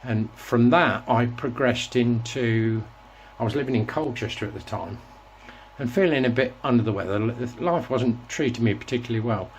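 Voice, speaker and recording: A man's voice: medium pitch, moderate pace, a little hiss or hum. A man in his sixties, hosting his own show and reminiscing in a casual, rambling monologue with frequent restarts. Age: 60s. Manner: rambling, reflective storytelling with restarts. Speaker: host.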